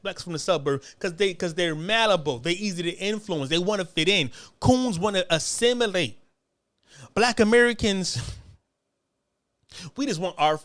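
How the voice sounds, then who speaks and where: A man's voice: sits high, a bit bright. A man delivering a heated, profane political rant, repeating himself and restarting his sentences as he pushes on. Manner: profane, repetitive, stumbling restarts. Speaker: online commentator.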